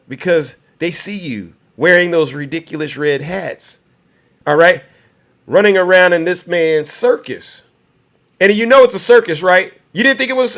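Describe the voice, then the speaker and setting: High-voiced man ranting with mocking scorn. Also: fairly bright tone. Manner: mocking, preachy, taunting. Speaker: political commentator. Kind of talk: fiery political commentary.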